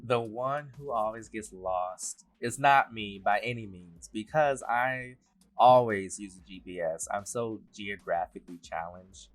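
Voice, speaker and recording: A man, a writer and director, speaking in a relaxed behind-the-scenes interview, laughing often as he talks. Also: lowish voice, unhurried. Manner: relaxed, laughs often, loose rambling sentences.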